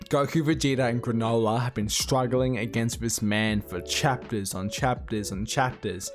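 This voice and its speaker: A man casually recapping a comic chapter, excitable, reading out the characters' lines as he goes. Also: mid-range voice, normal speed, hardly any pauses, soft background music. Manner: excitable, retells the plot while reading out the dialogue. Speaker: manga reviewer.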